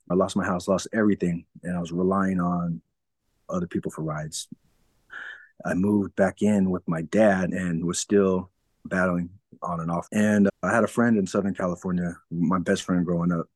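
Recorded close up with no echo, a man with a very low, darkish voice candidly tells his own story as an interview guest. He laughs his way through difficult memories and plays out old exchanges.

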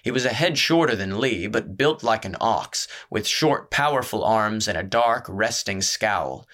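A man reading a fantasy story aloud as narrator, in a measured, deliberate way. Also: fairly low pitch, lively intonation, a bit bright. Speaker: audiobook narrator. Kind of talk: scripted narration.

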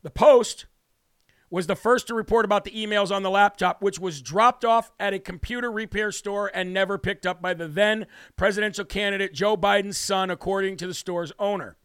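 Brash male talk host, high-pitched and close-miked, worked-up combative monologue. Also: moderate pace, a bit bright, clean tone, no echo. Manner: brash, combative, repetitive declarations. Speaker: political talk show host. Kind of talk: heated political commentary monologue.

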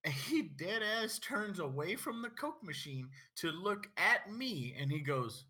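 A young man in casual chat, telling a story with animated, laughing energy. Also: high voice, a little slow, few pauses, breathy edge.

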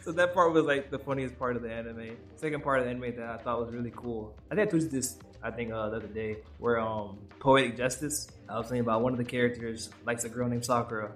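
A man's voice: medium pitch, steady tone, quick pace, few pauses, a bit bright. A young man co-hosting a podcast in casual chat, rambling and laughing as he acts out quotes. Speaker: podcast co-host.

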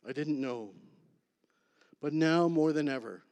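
A man giving a sermon testimony, emphatic, then dropping to a hush on key lines. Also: medium pitch, unhurried, pauses often. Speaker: preacher sharing testimony. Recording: long hall reverb.

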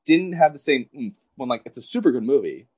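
A man's voice: mid-range voice, sing-song, a little fast, a little mellow, slightly rough. Rambling, swearing podcast guy. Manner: rambling, heavy use of "like", swears often. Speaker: podcast co-host. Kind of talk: casual podcast banter.

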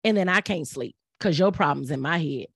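A woman's voice: deep voice, animated, fairly quick, husky, dry recording. Woman, middle-aged, preachy and earnest, repeats herself a lot, dry close sound. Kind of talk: casual motivational talk.

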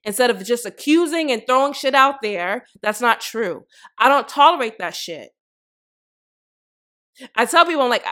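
A woman's voice: a little high, animated, moderate pace, long pauses, a bit bright. A woman in her thirties hosting a podcast, giving blunt, profane, emphatic opinion commentary in a casual way. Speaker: podcast host.

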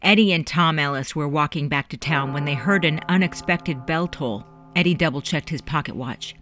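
An audiobook narrator reading scripted narration in a measured storytelling manner. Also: mid-range voice, a bit bright, faint music behind.

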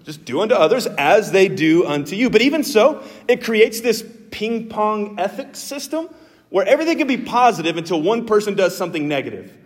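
A man preaching a sermon as a pastor, earnest and animated, with emphatic jumps in his voice. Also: high voice, fairly quick. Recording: long hall reverb.

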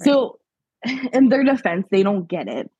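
A woman's voice: medium pitch, sing-song, a little slow, darkish tone, breathy edge, no room sound, dull audio. A woman from Pennsylvania, a podcast guest, telling her story in a chatty, casual way, laughing often and acting out what people said to her. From Pennsylvania, USA.

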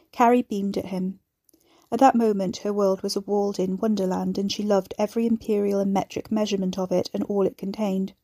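A woman reading a serialized story as its narrator, in an even, measured way. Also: medium pitch, no room sound, clean studio sound. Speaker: audiobook narrator. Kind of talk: scripted narration.

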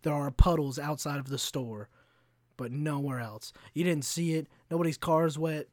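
A man with a slightly high voice rants on his own podcast, telling profane, animated stories and acting out the customers in them. The sound is dry and close, with no room echo. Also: normal speed. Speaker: podcast host. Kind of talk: solo podcast rant.

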